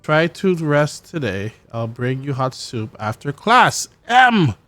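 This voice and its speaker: A man in the middle of a story game, reading its letters aloud with plenty of stumbles and restarts. Now and then he breaks off for a dry, cursing aside. Soft music plays faintly underneath. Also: medium pitch, expressive, dry recording. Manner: halting reading with stumbles and wry profane asides. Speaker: gameplay streamer.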